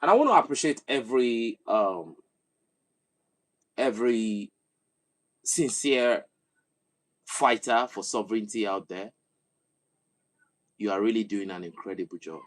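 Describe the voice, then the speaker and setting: A man from Nigeria with a Nigerian accent, giving a passionate political commentary that swells into loud, emphatic oratory. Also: lowish voice, a little slow, long pauses. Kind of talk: impassioned monologue to camera.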